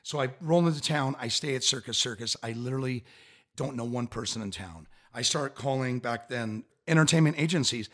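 Fast-talking husky man in his fifties. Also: medium pitch. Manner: animated, laughing often, slips into quoted voices. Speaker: impersonator of a famous singer. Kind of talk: casual storytelling in an interview.

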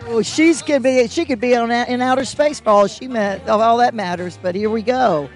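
A man's voice: extremely high pitch, normal speed. A man co-hosting a casual live broadcast from an old theater, talking into a handheld microphone in a playful, rambling, joking way. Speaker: co-host, honorary mayor. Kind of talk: casual on-site chat. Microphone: handheld mic.

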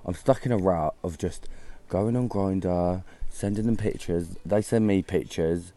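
A man's voice: sits low, measured pace, warm tone. A man in his twenties leaving a candid, rambling message about his dilemma. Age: 20s. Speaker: caller with a dilemma. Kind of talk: recorded voice message.

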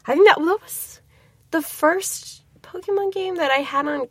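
A woman's voice: extremely high pitch, normal speed, no echo, studio quality. A woman co-hosting a casual podcast from a small closet at home, playful and teasing, laughing often. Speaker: podcast co-host. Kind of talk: casual chat.

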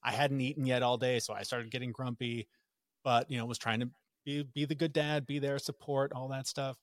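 Animated storytelling man, dry sound. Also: mid-range voice, brisk, dry recording. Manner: storytelling, animated when quoting others. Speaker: podcast guest. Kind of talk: casual podcast conversation.

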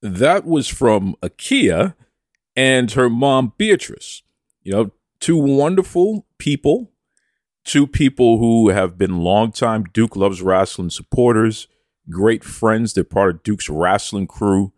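A man's voice: fairly low pitch, expressive, slow pace, a little mellow, no echo, clean studio sound. A man hosting a podcast, reading out listener messages with playful mock bravado and talking about himself in the third person. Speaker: podcast host.

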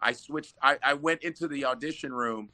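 A man, an actor being interviewed, chatting casually and telling lively stories with laughs. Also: mid-range voice, normal speed. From Nigerian parents. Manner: animated storyteller, laughs often. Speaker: actor guest.

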